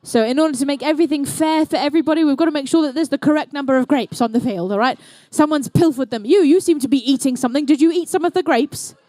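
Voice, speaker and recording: A woman with a New Zealand accent and a high, bright-toned voice calls a robotics match live, playful and chatty. She tosses jokey asides to the teams between counts and scores. The sound is close and dry, with little room echo. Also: fast talker, few pauses. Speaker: event commentator and emcee. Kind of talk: live competition commentary. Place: indoor competition venue.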